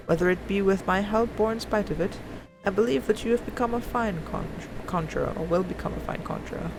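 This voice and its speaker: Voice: medium pitch, voice pushed up, lightly acted, rough recording. A streamer voicing a stern male conjurer mentor in grave, formal tones, reading video game dialogue aloud.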